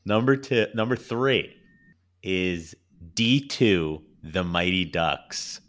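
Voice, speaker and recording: A man's voice: low-pitched, lively intonation, slow, a bit bright. A man in his thirties co-hosting a podcast, chatting in a laid-back way and swearing casually. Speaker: podcast co-host. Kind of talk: casual chat.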